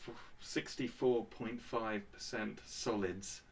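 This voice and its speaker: A man's voice: fairly low pitch, fairly even intonation, slow pace, gravelly, recorded from a distance, slight background noise. A man with a posh English accent, co-hosting a casual chat show with jokey, offhand banter and casual swearing. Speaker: podcast co-host.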